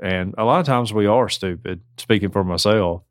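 A man's voice: lowish voice, moderate pace, no room sound, clean studio sound. A man with a Southern US accent co-hosting a podcast, giving joking, folksy advice in casual chat. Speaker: podcast co-host.

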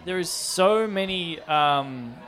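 A man, a rapper guest, talking in an energetic, excitable way on a live podcast. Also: fairly high pitch, slow pace, music in the background. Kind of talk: casual live podcast chat.

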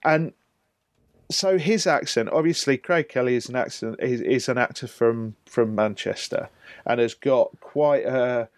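A man hosting a film podcast in a mid-pitched voice. He jokes, sounds baffled, and stresses his words. The recording is dry and close to the mic. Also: unhurried, no echo. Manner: jokey, incredulous, emphatic. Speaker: podcast host. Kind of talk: casual film discussion.

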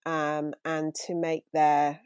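Woman, lower register, dry close sound; thoughtful, self-deprecating book talk. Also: level tone, slow, a little mellow, clean tone, dry recording, dull audio. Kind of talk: casual book chat.

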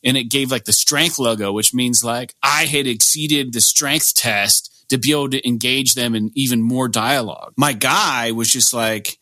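A man's voice: medium pitch, normal speed, few pauses, bright, forceful tone, dry recording. A man hosting a podcast in casual chat, rambling and cursing freely with lots of fillers. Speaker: podcast host.

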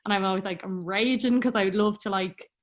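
A young woman telling a personal story in a chatty, rambling way, full of fillers and quick laughs. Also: medium pitch. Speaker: guest.

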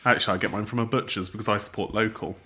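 A man's voice: fairly low pitch, fairly even intonation, very fast, sharp tone. A young man co-hosting a podcast, chatting casually, blunt, wry and sweary. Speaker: podcast co-host. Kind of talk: casual chat.

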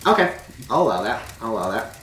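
Game master, male, relaxed rambling narration, recorded in an echoey room away from the mic. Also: lowish voice, fast, recorded from a distance, a little hiss or hum. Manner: loose, filler-heavy narration with frequent "like".

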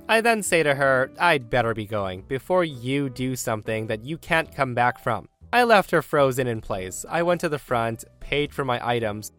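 Male storyteller, lively and expressive delivery, mid-pitched voice, faint background music. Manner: lively, dramatic, mocking voices for quoted lines. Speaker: podcast narrator reading listener stories. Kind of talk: animated story narration with commentary. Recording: faint music bed behind.

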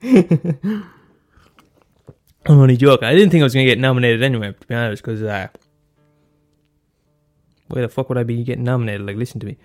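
Over soft background music, a man rambles through his solo podcast in a mid-range voice, talking quickly but pausing often. He's casual and foul-mouthed, with many fillers and false starts.

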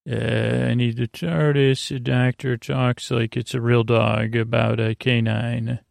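A podcast host calmly retelling a TV episode for a sleep show, halting and unhurried with lots of pauses. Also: male voice, medium pitch, creaky, dry recording, studio quality. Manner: halting and unhurried, with many pauses and filler sounds; reads quoted lines in his own plain voice.

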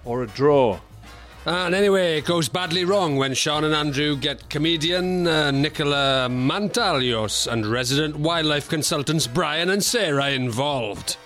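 Joking Welsh man, fairly high voice. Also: unhurried, fairly bright tone, faint music behind. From Wales. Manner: dry, joking banter with swearing. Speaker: podcast co-host. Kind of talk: casual comedy podcast chat.

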